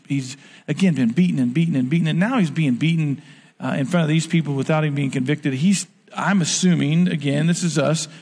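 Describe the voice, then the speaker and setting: A man preaching a sermon in a conversational way, acting out the quoted lines. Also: high voice. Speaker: pastor. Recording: long church reverb.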